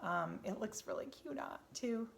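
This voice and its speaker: A woman's voice: medium pitch, animated, normal speed, gravelly. A woman with a Wisconsin accent, hosting a knitting podcast and chatting casually about yarn and her projects, rambling with lots of ums and restarts. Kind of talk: casual show-and-tell chat.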